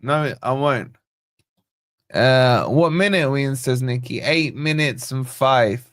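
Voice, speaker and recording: A man hosting a live football watch-along, calling the play and greeting viewers by name in a chatty, excitable way. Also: medium pitch, takes it slowly, dry recording, studio quality. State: yawning, tired. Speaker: fan channel host.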